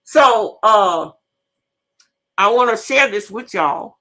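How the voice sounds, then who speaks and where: A woman host and teacher telling an animated, profane story in casual live talk, repeating herself as she goes. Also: mid-range voice, slow pace, pauses often.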